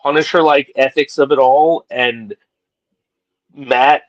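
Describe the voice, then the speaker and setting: A man's voice: mid-range voice, steady tone, slow, dull audio. A man co-hosting a podcast, agreeing and musing in casual chat about a TV series. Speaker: podcast co-host.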